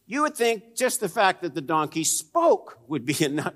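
A man preaching a sermon, swinging between raised emphasis and hushed, low asides, and putting direct questions to his listeners. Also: very animated, normal speed, few pauses. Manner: direct, probing questions to the congregation. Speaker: pastor.

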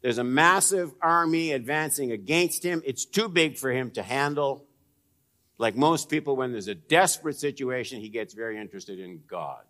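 A man preaching a sermon, swinging between raised emphasis and hushed, low asides, and putting direct questions to his listeners. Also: expressive, normal speed. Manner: direct, probing questions to the congregation. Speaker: pastor.

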